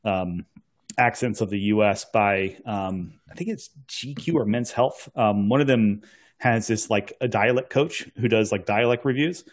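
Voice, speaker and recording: A man from North Carolina with a low voice, chatting casually. He rambles and digresses, circling back to his points as he goes. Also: unhurried. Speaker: podcast co-host. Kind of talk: casual chat.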